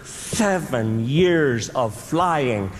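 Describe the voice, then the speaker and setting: A man doing stand-up storytelling, animated, with drawn-out pauses and sound effects, recorded live in a large hall. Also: medium pitch, heavy background noise. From American Midwest farm country. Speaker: stand-up comedian. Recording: live hall reverb with faint ambience.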